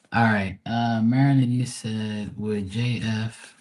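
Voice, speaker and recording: A Bermudian man with a fairly low voice, hosting a live tarot stream. He rambles in easy, chatty asides to his viewers and swears freely. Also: a little mellow, rough recording. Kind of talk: casual live-stream chat.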